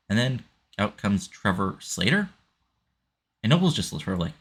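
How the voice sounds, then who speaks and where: A man's voice: lowish voice, sing-song, normal speed, long pauses, a bit bright, husky. A man casually narrating a wrestling sim game, rambling with lots of fillers.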